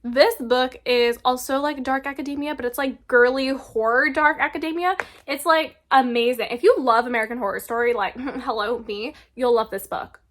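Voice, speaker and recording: High-voiced, gushing young woman. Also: fairly even intonation, moderate pace, hardly any pauses. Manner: gushing, chatty, full of filler words. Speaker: book reviewer. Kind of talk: casual book recommendation vlog.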